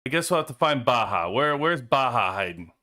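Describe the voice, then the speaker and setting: Lively, bright-voiced male stream host. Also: medium pitch, a little fast. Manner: animated, greets chat viewers by name, laughs often. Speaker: livestream host. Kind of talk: casual livestream chat.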